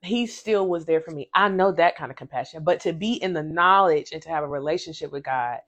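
Woman, podcast host, casual faith talk, low voice, animated storytelling, repeats for emphasis. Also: brisk. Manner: animated personal storytelling, addresses listeners directly; emphatic repetition.

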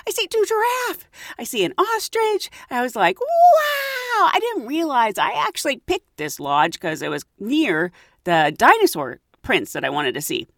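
A woman's voice: on the high side, very animated, normal speed, fairly bright tone, no room sound, clean studio sound. A woman casually telling a travel story, acting out the voices of the people in it and laughing often.

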